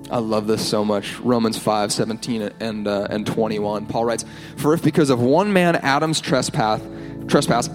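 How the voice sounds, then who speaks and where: A pastor preaching a sermon in earnest, with playful asides, in a church. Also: male voice, on the low side, normal speed. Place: church hall with band. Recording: long hall reverb, faint music.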